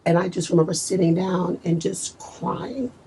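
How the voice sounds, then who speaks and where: A woman's voice: on the low side, moderate pace, creaky, dark tone, a little hiss or hum, rough recording. A woman guest in a casual interview, telling her story earnestly and with feeling. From United States.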